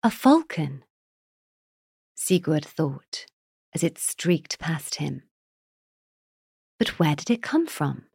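A woman narrating a children's storybook chapter in a measured, deliberate way. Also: sits low, animated, vocal fry, a little mellow, husky, no room sound, clean studio sound.

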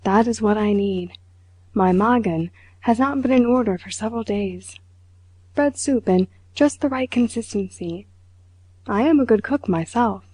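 A woman reads a self-important middle-aged man who boasts and lectures at the dinner table. His voice stays mellow and unhurried. The sound is dry and close. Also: medium pitch, breathy edge, no echo, low-quality recording. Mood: pompous. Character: pompous boastful middle-aged male official.

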